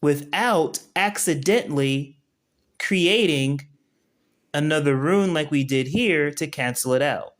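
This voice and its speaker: A man with a fairly high voice leads a relaxed live-stream lesson. He talks straight to his viewers and keeps asking whether they can see what he is doing. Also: takes it slowly. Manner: conversational, keeps checking in with viewers. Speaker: spiritual teacher. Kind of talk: casual live-stream tutorial.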